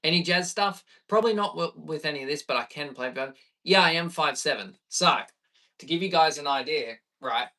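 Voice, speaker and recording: An Australian man in his thirties, a bass player chatting easygoing with viewers on a live stream. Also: normal speed, pushed and bright, far from the mic. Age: 30s. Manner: chatty and easygoing, reading viewer questions aloud.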